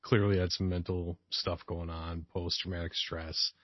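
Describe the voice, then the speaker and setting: A man co-hosting a podcast, telling sales stories in relaxed casual chat and laughing along. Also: deep voice, measured pace, no echo.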